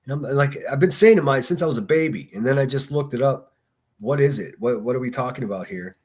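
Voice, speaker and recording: A man's voice: mid-range voice, expressive, fast, a little mellow, husky. A man from Pittsburgh with a faint Pittsburgh accent, hosting a casual solo livestream and chatting with chat in a rambling, profane way. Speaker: livestream host.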